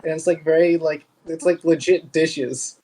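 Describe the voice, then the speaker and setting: A man playing a tabletop game, chatting playfully with quick, excitable asides. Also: on the high side, a little hiss or hum, rough recording. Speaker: player. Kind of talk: casual tabletop game chat.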